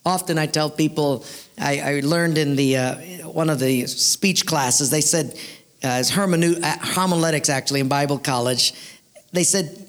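A man in his thirties preaching a sermon, telling stories in an animated way. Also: on the high side, moderate pace. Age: 30s. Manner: animated storyteller, acts out voices. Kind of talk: storytelling sermon.

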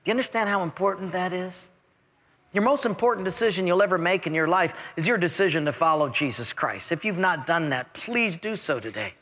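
Male pastor, high bright voice, lively storytelling preacher; long hall reverb. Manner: animated storyteller, acts out quoted voices with big pitch swings. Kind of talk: sermon.

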